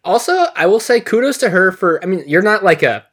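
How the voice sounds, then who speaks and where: A man co-hosting a podcast, chatting in a relaxed, casual way with some swearing. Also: high-pitched, a little fast. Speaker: podcast co-host. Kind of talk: casual chat.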